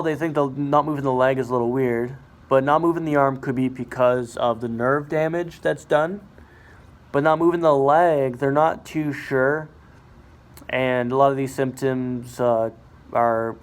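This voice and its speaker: Unhurried and steady in tone, a young man's medium-pitched voice shows the effects of being sick as he vlogs casually to the camera. Recording in a hospital ward and a car at night, he rambles with lots of fillers and restarts.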